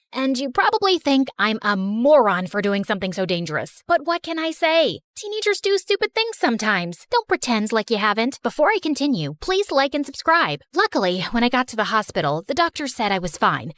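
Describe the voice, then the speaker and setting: A woman's voice: a little high, fairly bright tone, no echo, clean studio sound. A sarcastic teen girl. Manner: sarcastic, chatty. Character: reckless sarcastic teenage girl narrator. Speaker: narrator of her own story. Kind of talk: animated story narration.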